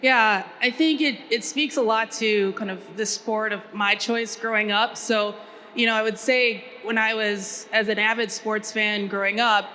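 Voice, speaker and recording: A woman from Minnesota on a panel, chatty and animated, with many fillers. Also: mid-range voice, a little slow, slight background noise. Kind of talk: panel discussion storytelling.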